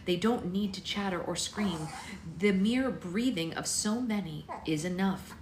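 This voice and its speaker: A woman's voice: medium pitch, unhurried. Young woman, book club read-aloud, chatty, echoey room, faint background hum. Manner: chatty, breaks off to soothe her baby. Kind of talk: live read-aloud of a novel.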